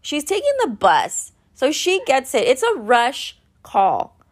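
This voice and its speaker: A woman's voice: high-pitched, wildly swooping pitch, slow. A woman in her thirties tells a long story in a loose, chatty monologue. She rambles, fills gaps with filler words and swears bluntly. She sounds a little worn out. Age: 30s. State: tired.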